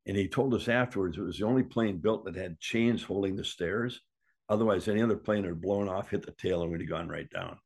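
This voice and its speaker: His low-pitched voice moves briskly as this older man, formerly a wrestler, recounts a story in a relaxed way. He performs what people said and swears freely, a lively storyteller.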